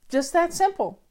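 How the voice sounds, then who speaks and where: A woman's voice: extremely high pitch, a little mellow. An older woman, chatting casually and folksily with her viewers as a home-organizing host. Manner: chatty, folksy, talks over background music. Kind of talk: casual live chat with viewers. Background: faint music playing.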